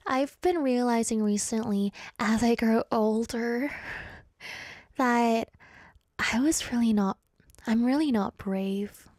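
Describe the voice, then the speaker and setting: Young woman, radio host, high voice, dry studio sound, chatty and ranting. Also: a little mellow, no echo. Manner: chatty, ranting, playful asides. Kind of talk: casual chat reading listener messages. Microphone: studio microphone.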